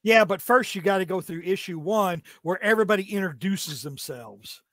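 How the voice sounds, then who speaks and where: A man's voice: high-pitched, normal speed, a bit bright, no echo, studio quality. A middle-aged man co-hosting a fan podcast, rambling and ranting with many fillers. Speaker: podcast co-host. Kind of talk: casual fan podcast chat.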